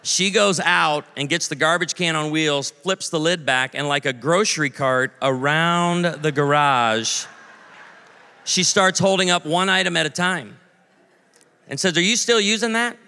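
A man's voice: on the high side, unhurried, sharp tone. A man in his forties preaching a sermon, telling stories with comic voices and asides to the audience. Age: 40s. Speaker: pastor. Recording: long hall reverb.

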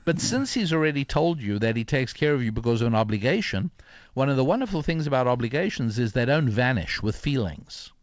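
A man's voice: medium pitch, very animated, fairly quick, no echo. Older man telling a story, dry muffled audio. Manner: reflective, many fillers and restarts. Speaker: author and guest. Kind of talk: interview storytelling.

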